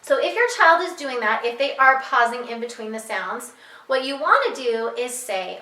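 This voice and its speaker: A woman's voice: a little high, lively intonation, normal speed, sharp tone, roomy sound, far from the mic, rough recording. A woman who teaches reading, explaining to parents how to guide their child, patient and repeating her key points. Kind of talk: instructional talk to parents.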